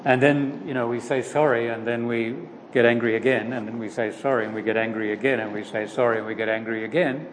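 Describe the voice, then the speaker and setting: A man leading a Bible study, praying and then teaching in an informal, halting way with many pauses. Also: mid-range voice, fairly even intonation. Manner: slow, halting, with frequent "uh" pauses. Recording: long reverb with faint background noise.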